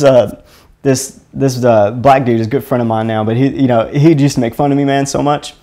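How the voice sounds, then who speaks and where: A man's voice: medium pitch, fairly even intonation, darkish tone. Rambling man hosting a live stream. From Mississippi, USA. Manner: rambling, chuckling, halting restarts. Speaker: host of an energy healing live stream. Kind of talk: casual live-stream teaching.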